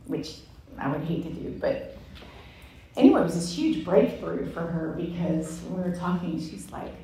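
A woman in her forties giving a candid, self-mocking teaching talk at a women's Bible study, telling stories with animated energy. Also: fairly low pitch, normal speed. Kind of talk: sermon-style teaching talk. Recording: echoey room from far off, faint ambience.

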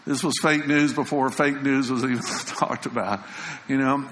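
A man preaching a sermon as pastor, talking in a conversational way and dropping softly for emphasis. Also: mid-range voice, unhurried, slight background noise. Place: church sanctuary. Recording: echoing church hall with faint ambience.

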